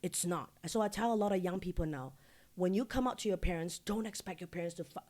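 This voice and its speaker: A woman from Singapore, a podcast guest who tells stories candidly, swears freely and gets animated. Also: fairly low pitch, fast. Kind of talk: casual interview storytelling.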